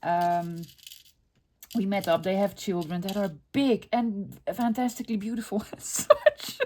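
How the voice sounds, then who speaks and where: A woman's voice: medium pitch, fairly even intonation, unhurried, darkish tone, a little hiss or hum. A middle-aged woman hosting a crafting video, chatting casually, talking to herself as she works and laughing often. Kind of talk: casual crafting tutorial chat.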